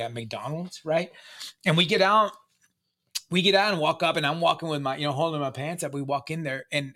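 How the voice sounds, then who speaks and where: Sharing his recovery story, a middle-aged man talks at length in a profane, emphatic, casual way, circling back through restarts and filler words. His slightly high voice sounds pushed and bright.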